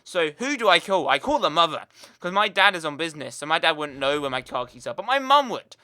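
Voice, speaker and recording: A young British gaming YouTuber tells a rambling story over gameplay in a casual vlog, chatty and full of fillers. His fairly high voice is sing-song, fairly quick, bright and forceful in tone.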